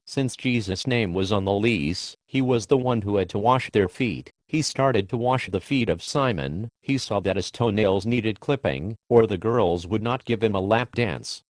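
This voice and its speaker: A man narrating a crude comic parable in a deadpan, mock-biblical manner. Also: fairly low pitch, no room sound. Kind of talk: mock-scriptural comic storytelling.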